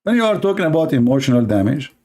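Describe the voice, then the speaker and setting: A man's voice: mid-range voice, very animated, fast talker, dark tone. A man from the Middle East, a native Arabic speaker with an Arabic accent, hosting a live debate in a sarcastic, mocking manner. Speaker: online debate host.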